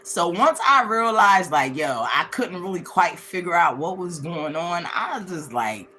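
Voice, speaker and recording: Animated woman telling a story, bright voice. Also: measured pace, slight background noise. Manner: animated, swings into high acted-out quotes of others; candid, slangy, laughs as she talks. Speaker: livestream host. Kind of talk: casual storytelling to viewers.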